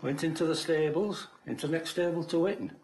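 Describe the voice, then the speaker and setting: An older man, a retired coal miner, reminisces unhurriedly in conversation. His voice sits a little high, and the recording has a roomy echo with a faint hiss. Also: fairly quick, darkish tone.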